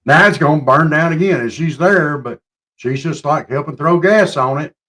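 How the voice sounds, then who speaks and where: A man ranting on a live talk show, mocking and swinging between loud outbursts and low mutters. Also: normal speed. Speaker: show co-host. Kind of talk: casual political chat.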